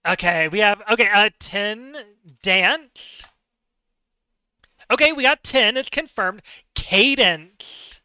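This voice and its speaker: A man with a high, piercing, very bright voice talks through word puzzles on a live stream, chatty and self-mocking as he thinks aloud. His voice comes out smooth and clean, close and dry, though the audio is a little dull and lo-fi. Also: slow, dry recording.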